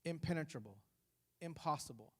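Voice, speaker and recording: A male pastor giving a sermon in a church, preaching with passion that grows loud on repeated phrases. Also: fairly high pitch, fairly quick.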